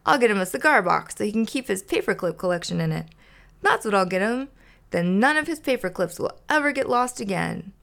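A woman's voice: medium pitch, lively intonation, brisk, creaky. A woman voicing a cheerful, eager male puppet in a storybook read-aloud. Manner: bright and eager.

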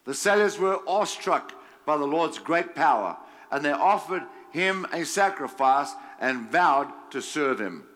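Slow, bright-toned male preacher; emphatic, chuckling, reads scripture then comments. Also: fairly high pitch, animated. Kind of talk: sermon reading scripture with commentary.

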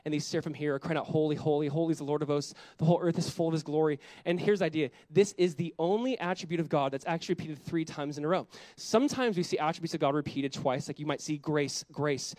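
Male pastor, sermon, quick delivery, high voice, dry close sound, animated, rhetorical questions. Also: no echo. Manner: drops to a soft, quiet voice on reflective lines.

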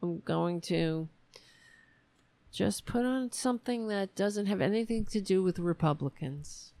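A woman chats on her livestream from a room at home, frustrated and rambling, with sighs and the odd swear word. Her medium-pitched voice has a dark tone and a measured pace, with no echo.

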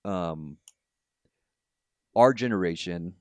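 Male host, 30s, very low register, casual talker with restarts, dry close sound. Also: slow, no echo. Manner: conversational, laughing asides, many restarts. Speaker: podcast host. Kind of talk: casual discussion.

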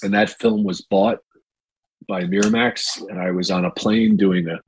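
A man in his sixties from New York, an actor telling his life story in a relaxed, rambling way with many fillers. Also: low voice, normal speed, slight background noise, rough recording. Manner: relaxed, rambling with fillers, mimics quoted voices. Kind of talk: storytelling in a casual interview.

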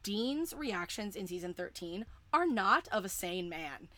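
A woman co-hosting a casual fan podcast, rambling excitedly with lots of "like" and some swearing. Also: mid-range voice, a little slow. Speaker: podcast co-host. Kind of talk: casual chat.

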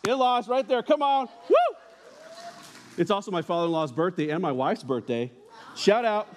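A man's voice: on the high side, a little mellow. A young man preaching a casual sermon in a church, telling stories and making joking asides to the congregation. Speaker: pastor.

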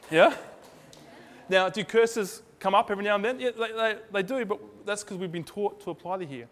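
A man's voice: high voice, normal speed, pauses often. A man preaching a sermon in a loose, conversational way, acting out little dialogues in different voices. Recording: hall reverb.

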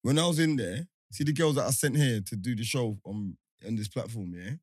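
A young man, telling a story in casual chat, animated and laughing often. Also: medium pitch, a little fast, dry recording.

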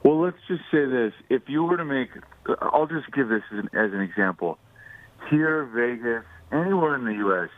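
A man's voice: medium pitch, animated, moderate pace, no room sound. A man co-hosting a sports betting radio show, casual and teasing, laughing easily. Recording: dry phone-line sound.

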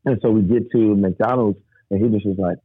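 A man's voice: lowish voice, fairly even intonation, brisk, slightly rough, no room sound. Man telling a raw story over a tinny line. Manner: rambling, vivid, acts out quoted voices. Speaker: guest. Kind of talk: emotional personal storytelling. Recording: tinny phone-like dry sound.

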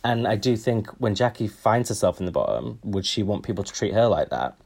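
A man's voice: on the low side, animated, brisk, creaky, a little mellow, slightly rough. A man co-hosting a podcast in casual chat, wry and chatty with frequent ums. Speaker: podcast co-host.

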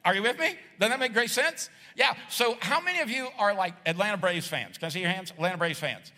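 A man's voice: high voice, fairly quick. A middle-aged man preaching a casual, jokey sermon to a church crowd, acting out voices as he goes. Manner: animated, jokey, acts out voices. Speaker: pastor. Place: large church hall with audience. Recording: long hall reverb.

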